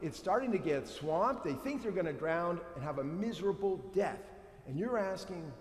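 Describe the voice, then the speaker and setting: Male priest, slightly high voice, playful sermon delivery that acts out quotes; roomy church reverb. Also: expressive, moderate pace. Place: church sanctuary. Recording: echoey church with long reverb.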